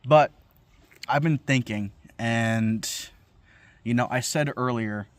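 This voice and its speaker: A man's voice: medium pitch, slow, no echo. A young man talking to camera in a profane, incredulous comedic rant, swearing freely as he riffs. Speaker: vlogger.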